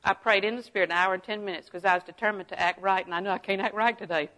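A middle-aged woman preaching a sermon, folksy and animated, often laughing and dropping to a hush for asides. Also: mid-range voice, racing, rough recording. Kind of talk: sermon with personal stories.

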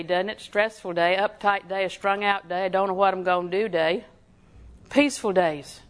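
A woman preaching a sermon in a folksy, emphatic way, often putting questions to her listeners. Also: mid-range voice.

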